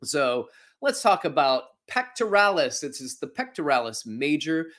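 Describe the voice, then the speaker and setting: Man, podcast host, anatomy lesson, lively up-and-down pitch, folksy and chatty. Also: measured pace. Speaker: podcast host and fitness instructor.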